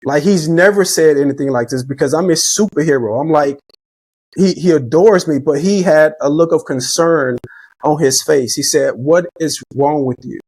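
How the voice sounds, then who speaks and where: Man, middle-aged, fairly high voice, dry close sound, earnest podcast guest, reflective storytelling. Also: moderate pace, darkish tone, no room sound. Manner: reflective, faith-driven, repeats words when starting sentences.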